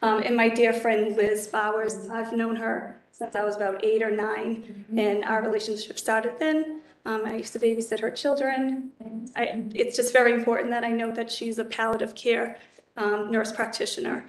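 A woman's voice: on the high side, flat delivery, moderate pace. Earnest woman in an echoey chamber. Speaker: judicial nominee. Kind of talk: formal testimony at a public hearing. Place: council hearing chamber. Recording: echoey hearing room.

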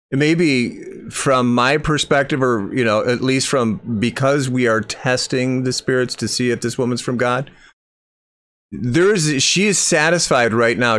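A man's voice: medium pitch, a bit bright. A man commenting on a video clip, incredulous and critical, rambling and restarting his sentences.

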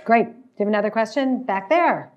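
A woman professor moderating an onstage conversation, briskly restating audience questions for the guest. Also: on the high side, expressive, dull audio, a little hiss or hum. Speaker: professor and interviewer. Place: university lecture hall.

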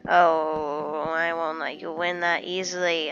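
In this dull lo-fi clip, a woman plays a survival game and talks herself through every step, casual let's-play commentary from a gamer narrating her own play. Her voice is deep and fairly bright in tone, delivered flatly at a slow pace, with a little hiss or hum.

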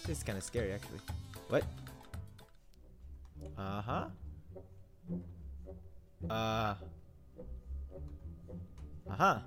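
A man's voice: lowish voice, animated, slow, long pauses, over music. A young man doing jokey horror game commentary, rambling to himself and yelping when startled. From Philippines. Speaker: gaming YouTuber.

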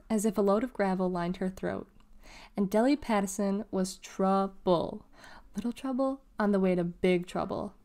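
A woman's voice: medium pitch, warm tone. Woman reading a children's novel aloud. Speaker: reader of children's books.

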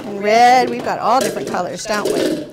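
A woman's voice: mid-range voice, moderate pace, heavy background noise. A young woman hosting a children's show, teaching young kids in a patient, encouraging way and asking them questions.

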